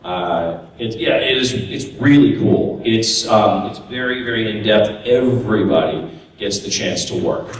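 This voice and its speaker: Relaxed man in an echoey convention hall. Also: lowish voice, unhurried, a little hiss or hum. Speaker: voice actor and workshop teacher. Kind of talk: casual panel talk. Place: large convention room. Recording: echoey hall recording from far off.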